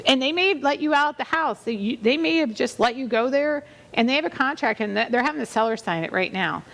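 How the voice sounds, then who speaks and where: This realtor hosts a real estate show, and her voice is high-pitched, expressive, gravelly and a bit bright, moving fairly quickly. She tells stories casually, rambling along with lots of fillers and restarts.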